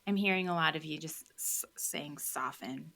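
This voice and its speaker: A woman's voice: sits low, moderate pace, gravelly, pushed and bright. A woman in her thirties hosting a casual podcast interview, chatty and hedging with frequent fillers. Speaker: podcast host.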